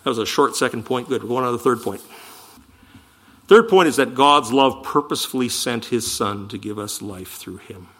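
A man preaching a sermon, teaching verse by verse and slowing down to stress key words. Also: medium pitch. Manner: animated, emphatic teaching with slow stressed quotes.

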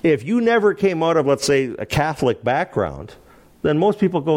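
A man teaching through a Bible passage, animated and laughing often as he acts out the quoted lines. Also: on the high side, normal speed.

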